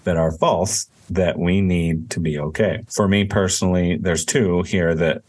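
A man's voice: low voice, fairly even intonation, measured pace, darkish tone, husky. A man, a counselor, co-hosting a podcast and earnestly explaining ideas in a casual teaching style. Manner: earnest, explanatory, faith-based.

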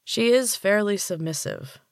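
A man's voice: high-pitched, lively intonation, a little slow, gravelly, clear, resonant tone, dry recording, voice pushed up, exaggerated voice. Male narrator plays a muscle-bound young trainer, clipped and subdued, dry close sound. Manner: terse, subdued. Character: young muscular male trainer, terse and dutiful.

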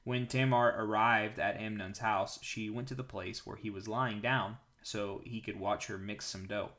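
A man hosting a daily Bible reading, who prays and then reads scripture aloud in a calm, measured way. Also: lowish voice.

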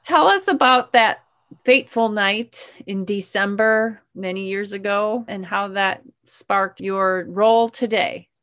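A woman hosting a podcast, welcoming her guest and asking questions in a measured, deliberate way. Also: mid-range voice, fairly bright tone. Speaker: podcast host. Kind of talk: interview questions.

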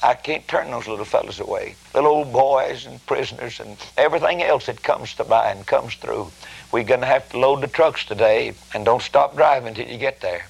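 Gravelly-voiced preacher man. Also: medium pitch, normal speed, rough recording. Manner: folksy, rambling, emphatic with many "I mean" asides. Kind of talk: sermon.

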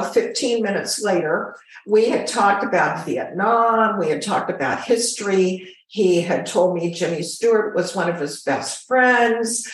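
A chatty older woman tells her stories with lively, animated delivery. Her voice rings out in a very echoey room. She is a former flight attendant, a guest on an interview show. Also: medium pitch, distant mic. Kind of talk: storytelling in an interview.

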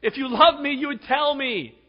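A man putting on a mocking falsetto for a whiny, manipulative biblical woman who nags and pleads. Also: moderate pace. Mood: nagging, mocking. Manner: shrill mocking falsetto, nagging. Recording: dull sound with long hall reverb.

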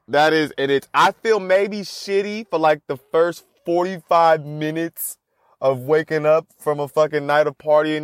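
A young man rambles through a solo podcast monologue, swearing freely and poking fun at himself. His voice sits a little high for a man. The close mic gives a dry sound with no room echo. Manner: profane, rambling, self-mocking. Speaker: podcast host.

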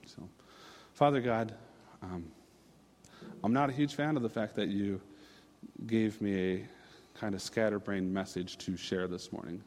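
A man's voice: on the low side, unhurried, pauses often, darkish tone, long reverb tail. A man in his thirties from Minnesota, preaching a casual, storytelling sermon with fillers and restarts. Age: 30s.

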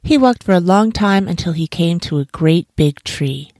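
Calm storyteller, a woman with a lower voice reading bedtime stories, dry and close. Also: dry recording. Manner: gentle, soothing, slow storytelling.

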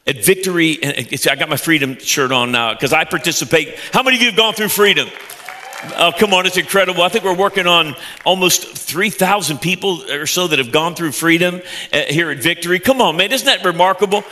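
A middle-aged male pastor gives a sermon with a bright, forceful voice. He preaches with passion, climbing to loud high peaks and then dropping to soft, low stretches, and he often repeats words as he builds. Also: fairly quick, some chatter behind. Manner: passionate, with sudden loud rises and soft drops; repeats words when excited.

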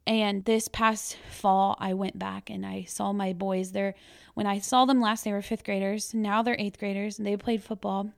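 Gravelly-voiced woman telling stories. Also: mid-range voice, little pitch movement, moderate pace. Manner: storytelling, acts out children's voices and her own past words. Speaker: guest, former school educator. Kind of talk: casual podcast conversation.

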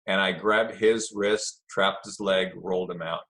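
A middle-aged man telling a story in a relaxed, chatty way, acting out the voices of the people in it. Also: deep voice, measured pace. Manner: animated storyteller, acts out quoted voices. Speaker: guest telling stories of early jiu-jitsu. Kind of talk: casual storytelling.

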